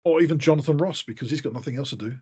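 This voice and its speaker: A man's voice: a little high, very fast, warm tone, breathy edge, dull audio. A man co-hosting a casual podcast, trading dry, teasing banter. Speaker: podcast co-host. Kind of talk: casual chat.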